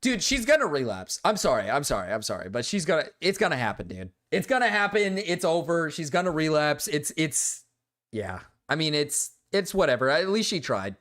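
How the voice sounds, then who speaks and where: A young man streaming live, chatting casually and reacting defensively, moving between low mumbles and loud protests. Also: very animated, moderate pace.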